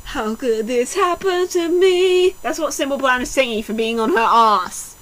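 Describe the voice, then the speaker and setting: A woman with a high, bouncy voice reads a badly written story out loud for laughs. She slips between mock-dramatic reading and dry, sarcastic asides. Her pitch swings widely, and she keeps up the jokey commentary throughout. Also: expressive, moderate pace, poor audio. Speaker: fanfiction reader. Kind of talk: comedic mocking read-aloud.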